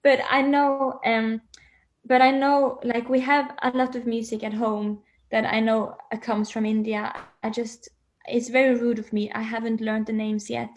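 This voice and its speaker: A woman's voice: a little high, little pitch movement, normal speed. A woman speaking as an interview guest from home on a video call, dreamy and searching for words, laughing often.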